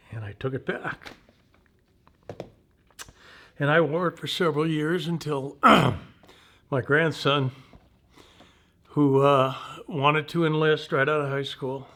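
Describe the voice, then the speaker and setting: In an interview, a veteran in his seventies shares personal stories from the war. He talks slowly and haltingly with a folksy charm, and his slightly high voice carries a bit of brightness.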